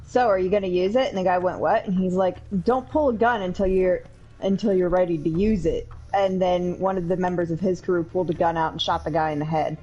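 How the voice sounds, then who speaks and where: A woman co-hosting a casual chat, excitable, swearing and reacting loudly. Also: on the low side, fairly quick, breathy edge, lo-fi sound. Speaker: co-host.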